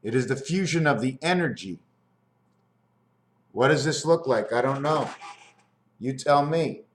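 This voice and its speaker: A man's voice: medium pitch, lively intonation, a little slow. A man musing in a rambling, free-associating monologue at home, asking his viewers questions as he explains his designs. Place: at home near his fridge, indoors.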